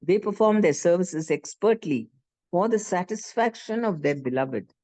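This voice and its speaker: A class speaker with an Indian English accent, retelling a scripture story in an animated way and often correcting themselves mid-sentence. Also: mid-range voice, moderate pace.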